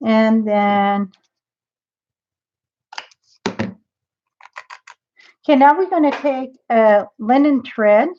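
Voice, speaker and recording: A woman's voice: fairly high pitch, extremely slow, pauses often, warm tone, lo-fi sound. A woman demonstrating a craft project in a live tutorial, chatty and thinking aloud as she works.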